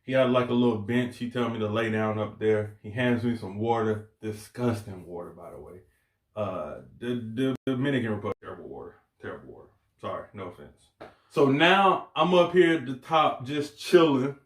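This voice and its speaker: A young man telling a casual story on his channel, slangy and animated, laughing as he goes. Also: medium pitch, normal speed, roomy sound. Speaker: vlogger.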